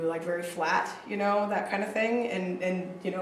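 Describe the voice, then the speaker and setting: A woman teaching counseling skills to a group, chatty and animated with frequent fillers and asides. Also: mid-range voice, normal speed, few pauses, a little hiss or hum. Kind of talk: casual training lecture. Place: training room with a group. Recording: echoey room, distant mic.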